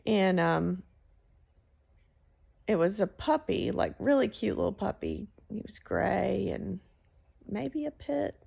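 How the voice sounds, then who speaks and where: Gravelly woman telling a story. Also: medium pitch, takes it slowly, long pauses. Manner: animated, swearing, laughs between lines. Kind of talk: casual storytelling vlog.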